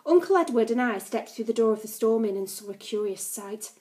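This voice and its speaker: A woman teacher reads a class novel aloud with a slightly high voice. She breaks off into playful, chatty asides to her pupils between passages. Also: animated, brisk, warm tone.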